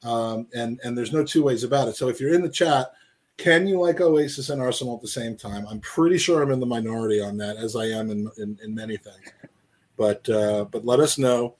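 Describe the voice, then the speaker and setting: A male co-host of a casual football podcast, talking in a loose, jokey ramble. His voice sits at an ordinary middle pitch, and he keeps calling out to listeners in the live chat. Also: fairly quick, a little mellow.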